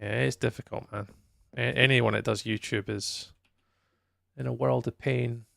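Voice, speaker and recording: A man's voice: mid-range voice, steady tone, measured pace, creaky, a bit bright, no echo, studio quality. A Scottish man streaming a game live, chatting casually with viewers in a rambling way and laughing easily. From Scotland. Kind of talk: casual chat while playing a game live.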